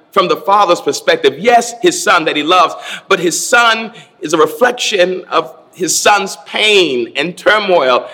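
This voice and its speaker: A man's voice: a little high, pushed and bright, in a large hall. A man preaching a sermon, building his points through rhythmic repeated phrases. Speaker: pastor.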